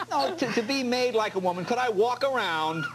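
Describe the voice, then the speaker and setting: A man's voice: extremely high pitch, animated, moderate pace, a crowd in the background. A man hosting a talk show interview, chatty and laughing along with his guest. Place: television studio before an audience. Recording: hissy old VHS broadcast tape.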